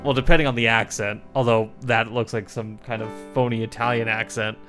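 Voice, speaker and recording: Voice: mid-range voice, level tone, fairly quick, fairly bright tone. Chatty streamer over game music. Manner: chatty, laughing asides. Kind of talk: casual live-stream commentary.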